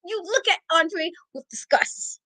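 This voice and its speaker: A high-voiced woman recaps a wrestling show with sass and exasperation. She talks casually and animatedly as a co-host. Her voice is close and dry. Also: expressive, unhurried, bright, forceful tone, no room sound, poor audio. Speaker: podcast co-host.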